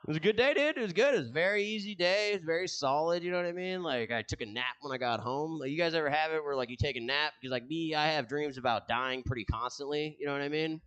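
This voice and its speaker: Young man, stand-up comedian, rambling, self-deprecating, dark humor, bright voice, a bit high. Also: quick pace, hardly any pauses, clean tone. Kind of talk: stand-up set.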